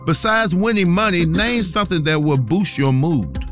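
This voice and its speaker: A man co-hosting a morning radio show who runs a quiz, quick and encouraging, with plenty of slang. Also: high-pitched, animated, soft background music. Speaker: morning radio co-host, quizmaster.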